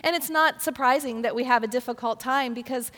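A woman's voice: high-pitched, fairly quick, fairly bright tone. An older woman preaching a sermon, telling a personal story and often repeating words as she restarts. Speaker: pastor. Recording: long reverb of a hall.

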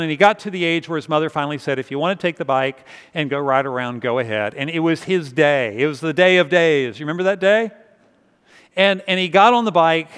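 A male pastor preaches a sermon in a church sanctuary, his slightly high voice clear, resonant, and a bit bright. He tells stories conversationally, repeating words as he goes, with the long reverb of a large hall around him.

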